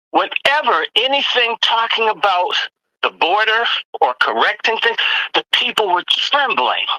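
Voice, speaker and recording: A woman's voice: medium pitch, dry recording, rough recording. A woman from the United States giving impassioned commentary as a roundtable panelist, acting out the exchanges she describes. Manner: animated, acts out quoted exchanges.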